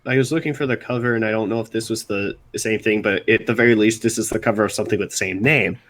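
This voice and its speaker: A young Baltimore man hosts a music segment on a live stream, chatting casually in a fairly low, fairly bright voice. He rambles and halts, restarting sentences again and again.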